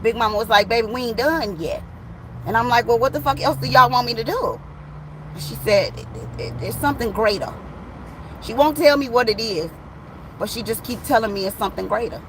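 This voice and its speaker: A woman's voice: on the high side, quick pace, fairly bright tone, a little hiss or hum, low-quality recording. A woman, giving a casual tarot reading to camera and talking bluntly and animatedly straight to her viewers, swearing freely. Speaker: tarot reader.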